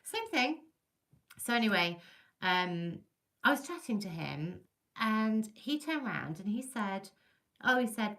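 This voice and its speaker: A chatty woman from England tells ghost stories on a casual livestream, her voice bright and clear. She talks in a lively, animated way and breaks off now and then to greet viewers by name. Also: a little high, measured pace. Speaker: livestream host.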